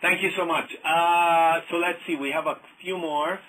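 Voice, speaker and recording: A man's voice: a little high, fairly even intonation, moderate pace, sharp tone, slight background noise, poor audio. A man moderating a webinar, politely reading out audience questions. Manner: polite, apologetic, careful.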